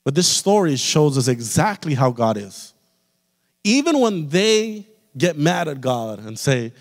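A man in the pastor's role preaching a sermon with an American accent, building to forceful emphasis and asking repeated rhetorical questions. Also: a little high, very animated, a little slow. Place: church sanctuary. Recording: long hall reverb.

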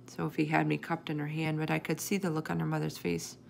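A woman's voice: deep voice, little pitch movement, brisk, vocal fry. A woman reading a children's chapter book aloud, narrating expressively in the first person. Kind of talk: storybook read-aloud.

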